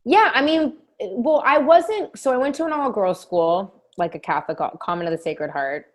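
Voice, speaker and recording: A woman's voice: on the high side, animated, moderate pace. A woman in her thirties from San Francisco, telling rambling stories in casual podcast chat and swearing freely. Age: 30s. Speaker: guest.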